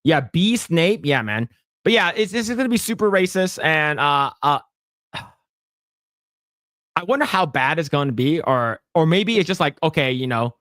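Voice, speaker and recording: Man co-host, slightly high voice, playful, stammers, dry close mic. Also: animated, normal speed, fairly bright tone, dry recording. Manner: jokey, lots of stammered restarts, breaks into mock voices. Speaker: podcast co-host. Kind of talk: casual chat reading comments.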